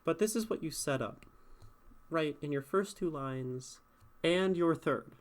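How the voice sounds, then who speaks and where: Slow, thoughtful man critiquing poetry on stream. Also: a little high. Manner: thinking aloud, tapping out rhythm with syllables.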